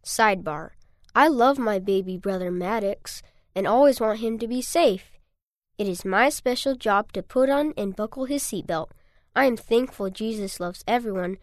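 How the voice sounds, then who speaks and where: A woman reading a child's short note aloud in a plain, even way. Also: medium pitch, dry recording, clean studio sound. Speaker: reader of a listener's note.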